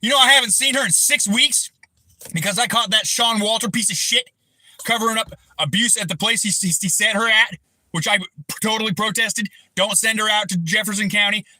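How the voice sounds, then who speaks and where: A man's voice: sits high, brisk, dry recording, low-quality recording. Furious profane man ranting. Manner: heated, profane, shouting bursts. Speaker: livestream host. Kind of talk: angry personal rant on a livestream.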